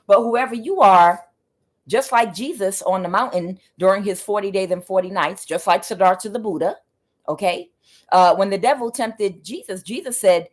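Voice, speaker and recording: A woman's voice: mid-range voice, expressive, moderate pace. A woman tarot reader giving a spiritual reading in an emphatic, preachy way, with frequent fillers.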